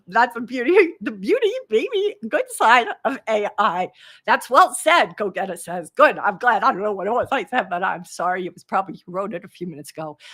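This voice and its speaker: A woman hosts a live coaching stream with a slightly husky voice. She talks in a chatty, animated way and answers viewers' comments as they come in. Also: mid-range voice. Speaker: trading coach, live show host.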